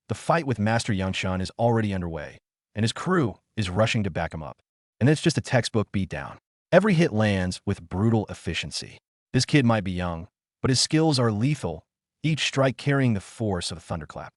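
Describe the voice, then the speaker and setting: A man's voice: fairly low pitch, dry recording, clean studio sound. A man narrating a dramatic story recap in a hyped storyteller's manner, with casual asides to the listener.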